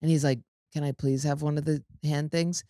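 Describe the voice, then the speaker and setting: A woman's voice: sits low, fairly quick, no echo, clean studio sound. A woman co-hosting a podcast in casual chat, telling stories and acting out the voices of the people in them. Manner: animated storyteller acting out quoted voices. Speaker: podcast co-host.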